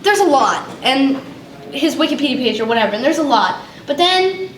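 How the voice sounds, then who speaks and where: Rambling young voice actress, slightly high. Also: female voice, sing-song, normal speed. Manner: rambling, hesitant, full of "like". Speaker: voice actress guest. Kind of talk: press conference answers. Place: convention press room. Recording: echoey room with background noise.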